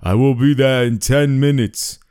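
A man's voice: mid-range voice, darkish tone, clear, resonant tone, no room sound, studio quality, pitched above the performer's own voice, lightly acted. A man voicing a creepy, mysterious male phone caller in a put-on Austrian-sounding accent, drawn out and menacing. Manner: slow, menacing, turns W into V.

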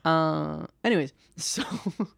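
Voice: mid-range voice, takes it slowly, gravelly, fairly bright tone, clear, resonant tone, no echo, studio quality. A young adult podcast host chatting casually, rambling, trailing off mid-thought and laughing often.

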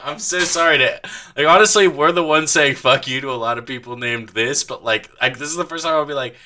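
A man's voice: a little high, fairly quick, pushed and bright, slight background noise. A man co-hosting a casual movie podcast, giggling, swearing and acting out quotes. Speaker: podcast co-host.

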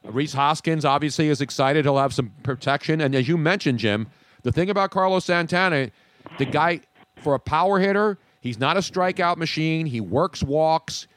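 A man's voice: on the high side, normal speed, fairly bright tone, no echo. A man hosting a sports radio show, chatting and joking with his co-hosts and callers. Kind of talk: casual sports talk.

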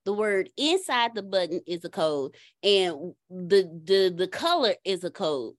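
Expressive woman telling a story, dry sound. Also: medium pitch, a little slow, no room sound. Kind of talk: casual group talk.

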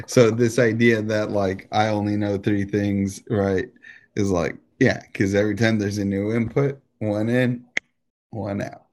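An American man co-hosting a podcast, ranting in a casual, animated and profane way, with lots of restarts. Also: fairly low pitch, a little slow. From United States. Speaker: podcast co-host.

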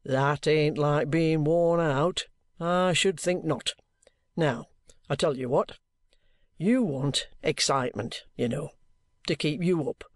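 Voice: medium pitch, takes it slowly, no room sound, lightly acted. A reader voicing a jovial, coaxing detective. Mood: bantering. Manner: coaxing, bantering encouragement. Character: shrewd, jovial middle-aged male detective. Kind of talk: audiobook character reading.

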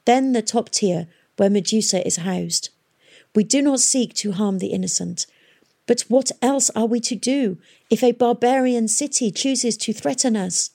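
A woman reading an audiobook, voicing a patient, commanding woman leader who speaks slowly and firmly. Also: fairly high pitch, vocal fry, mellow, pitched above the performer's own voice. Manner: slow, measured and firm. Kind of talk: audiobook character voice.

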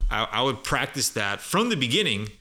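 A man giving a casual spoken English lesson, chatty, slowly demonstrating phrases and repeating them. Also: mid-range voice, sing-song, pushed and bright. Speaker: guest English teacher.

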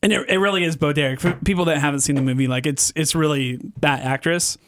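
A male podcast producer and co-host chatting about a bad movie, throwing in quick asides and laughing often. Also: fairly high pitch, fairly even intonation. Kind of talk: casual movie-review chat.

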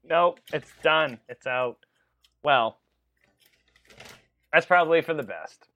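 A man co-hosting a podcast, chatting casually and excitedly while watching wrestling, joking and laughing often. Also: on the high side, takes it slowly, lo-fi sound. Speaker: podcast co-host.

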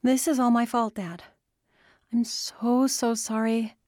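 A woman's voice: fairly low pitch, warm tone, no room sound, studio quality. A woman voicing a distraught young woman pleading with her father in an audiobook. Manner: urgent, pleading, rapid questions.

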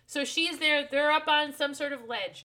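A woman co-hosting a podcast, recapping a book chapter in a jokey, irreverent way and acting out characters in quick voices. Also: high voice, pushed and bright. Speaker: podcast co-host.

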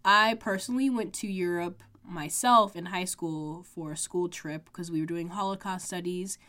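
A stuffy, congested young woman rambles chattily through her solo podcast, her voice pitched a little low. She talks casually from a home room with makeshift sound panels and scatters fillers everywhere. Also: steady tone, moderate pace, fairly bright tone. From United States. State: congested, sick. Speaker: podcast host.

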